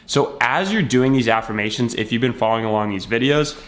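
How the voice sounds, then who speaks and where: A man's voice: mid-range voice, a little fast. Man telling a motivational story. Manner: storytelling with acted-out dialogue, conversational fillers. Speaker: self-help video creator. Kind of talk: casual motivational talk to camera.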